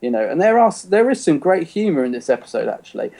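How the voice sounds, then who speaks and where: Mellow-voiced man in rambling podcast chat. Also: fairly high pitch, very animated, fast talker. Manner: rambling, full of "you know" and restarts. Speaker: podcast co-host. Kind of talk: casual chat reviewing an episode.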